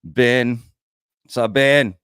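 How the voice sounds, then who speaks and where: A man's voice: mid-range voice, very slow, a bit bright, smooth, dry recording, studio quality. A man with an American accent hosting a casual livestream, chatting loosely and reading out viewers' comments. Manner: chatty, reads out viewer comments, says "y'all". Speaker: livestream host.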